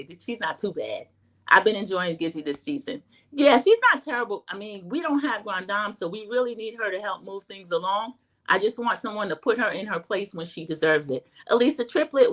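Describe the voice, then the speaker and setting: A woman's voice: mid-range voice, fairly bright tone. A middle-aged woman hosting a casual livestream recap, chatting straight to her viewers. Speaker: host.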